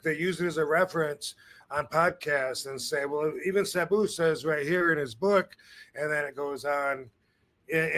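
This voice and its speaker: A man's voice: a little high, bright, forceful tone. Slangy laid-back man hosting a podcast. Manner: laid-back, slangy, trails off mid-sentence. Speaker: podcast host. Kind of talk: casual podcast chat.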